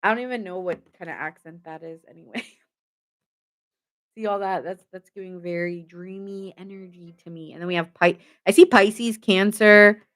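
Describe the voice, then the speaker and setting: A woman's voice: mid-range voice, moderate pace, a bit bright. A woman hosting a live tarot reading, chatty and playful, often laughing and greeting viewers by name.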